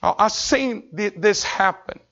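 A man preaching a sermon as pastor, telling a story with intense swings from shouting to hushed tones. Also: sits high, a little slow, highs cut off.

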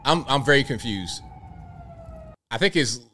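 A male host of a live commentary show, talking in an animated way and firing off rhetorical questions. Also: medium pitch, a little slow, slight background noise.

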